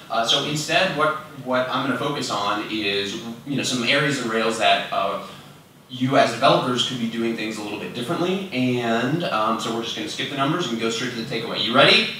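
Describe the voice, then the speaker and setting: A man's voice: mid-range voice, sharp tone, recorded from a distance, a little hiss or hum. Chatty man in an echoey hall. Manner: chatty, self-deprecating, many fillers. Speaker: conference speaker. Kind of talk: casual conference talk. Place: large conference room. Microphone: fixed microphone, speaker moving around. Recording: roomy, from off-mic at times.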